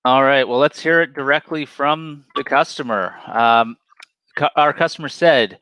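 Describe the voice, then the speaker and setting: A man's voice: mid-range voice, normal speed, bright, forceful tone, smooth, no echo. A man co-hosting a casual virtual award show over a video call, playful and teasing as he announces winners. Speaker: awards co-host.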